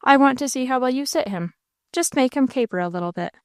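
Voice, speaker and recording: A woman reading an audiobook voices a rough, bullying country man who speaks in a coarse rural dialect and taunts coolly. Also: sits high, animated, a little fast, no echo, studio quality, pitched above the performer's own voice. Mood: taunting. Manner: cool, taunting.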